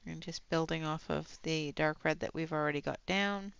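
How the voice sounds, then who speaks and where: A woman from British Columbia with a Western Canadian accent, chatting casually as she colours on a livestream and talking softly while she works. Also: deep voice, steady tone, normal speed, vocal fry, clear, resonant tone, no room sound, muffled recording.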